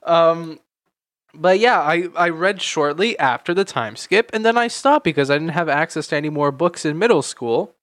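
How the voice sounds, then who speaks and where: A man's voice: fairly high pitch, animated, normal speed, fairly bright tone, dry recording. A young man in his late teens, co-hosting a casual chat podcast, rambling with lots of fillers and repeated words. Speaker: podcast co-host.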